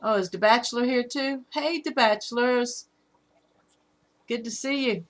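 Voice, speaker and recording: A middle-aged woman with a Southern accent, hosting a casual live stream about her fish, halting often with fillers. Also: on the high side. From Alabama. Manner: rambling, halting with fillers, reads out chat comments.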